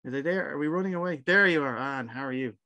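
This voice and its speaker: A man's voice: fairly high pitch, fast, sharp tone. A friendly, informal man hosting an online gathering over a video call. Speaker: event host.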